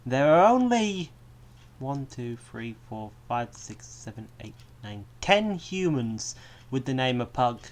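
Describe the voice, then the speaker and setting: A man's voice: mid-range voice, sing-song, takes it slowly. Rambling, chatty male game commentator. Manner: chatty and rambling, amused by his own tangents. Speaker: gaming video creator. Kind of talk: casual let's-play commentary.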